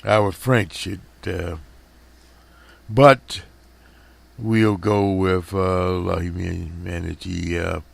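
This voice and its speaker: A man hosting a radio program, talking slowly through headlines with many fillers and restarts, his voice strained. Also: low-pitched, fairly even intonation, creaky, dry recording. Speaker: radio host. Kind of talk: casual commentary over headlines.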